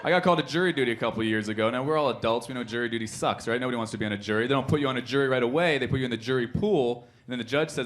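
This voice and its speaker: A man's voice: medium pitch, rapid-fire, hardly any pauses. A man performing a stand-up comedy set on a club stage, telling stories with punchy punchlines into a handheld mic. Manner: animated storytelling, punchy punchlines. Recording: live club audience laughter and room noise.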